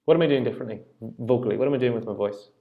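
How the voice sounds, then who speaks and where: A man's voice: mid-range voice, rapid-fire, narrow, tinny audio. A man teaching a singing lesson, patiently explaining rhythm and singing short phrases to demonstrate.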